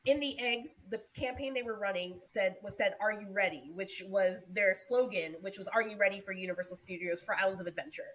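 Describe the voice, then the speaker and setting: With a medium pitch and a brisk pace that leaves hardly any pauses, a young woman co-hosting a podcast shares stories in casual conversation. She's animated, laughs frequently, and acts out screams.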